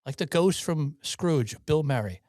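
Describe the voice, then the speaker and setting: A man's voice: fairly high pitch, expressive, unhurried, a little mellow, no room sound. A man co-hosting a podcast in a studio, chatting casually with lots of swearing, laughter and banter. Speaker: podcast co-host. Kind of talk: casual political chat.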